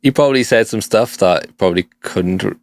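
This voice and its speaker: Chill podcast guy, lowish voice, dry close sound, casual reactions. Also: fairly quick, creaky, no room sound. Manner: laid-back, reacts with laughs and asides. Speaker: podcast host. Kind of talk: casual chat.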